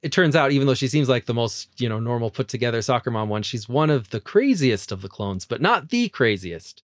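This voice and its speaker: A man hosting a casual film podcast who laughs often and retells scenes with animated energy. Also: mid-range voice, brisk, no room sound, dull audio. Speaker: podcast host.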